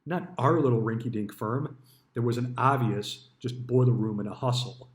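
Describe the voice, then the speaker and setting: Speaking at normal speed in a medium-pitched voice, a retired stockbroker reminisces casually about his former work. His manner is blunt, full of swearing and acted-out dialogue, and the recording has a roomy echo.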